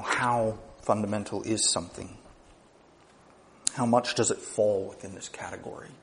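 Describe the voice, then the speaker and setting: A male pastor delivering a sermon, teaching in numbered points and rising to emphatic peaks. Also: medium pitch.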